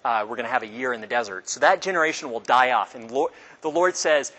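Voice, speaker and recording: A man's voice: fairly quick, pushed and bright. A man teaching a Bible class in a conversational way, asking the class questions and acting out quotes. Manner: conversational, asks the class questions, acts out quotes with pitch jumps. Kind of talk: casual Bible class lecture.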